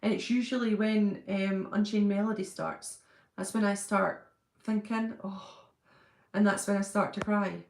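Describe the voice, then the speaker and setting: A woman's voice: medium pitch, fairly even intonation, a little slow, gravelly, reverberant. A middle-aged woman, hosting a casual livestream chat and answering viewers' comments in an effusive way.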